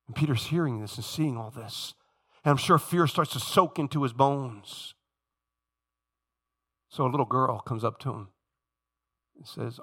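A man preaching a sermon to his congregation, moving between quiet passages and shouted lines and acting out the people he quotes. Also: measured pace, pauses often, husky. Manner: animated, shifts from low hush to shouting; addresses congregation directly, acts out quoted speakers. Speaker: pastor.

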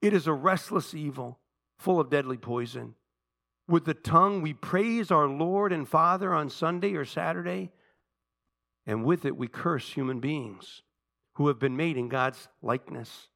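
A man's voice: a little high, measured pace, gravelly, a bit bright. A man preaching a sermon to his church, reading scripture and acting out pleading prayers with rising passion. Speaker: pastor.

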